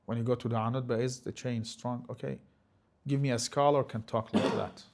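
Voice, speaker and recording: A man giving a religious lecture, talking emphatically and sometimes rising to forceful scolding, with Arabic phrases mixed in. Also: mid-range voice, fairly even intonation, brisk, gravelly. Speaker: religious teacher.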